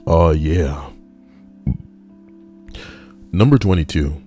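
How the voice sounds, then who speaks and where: Deep-voiced man reading posts with crude jokes. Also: drawn-out words, warm tone, soft background music. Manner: crude, joking asides between readings. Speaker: streamer reading online posts. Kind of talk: casual livestream reading.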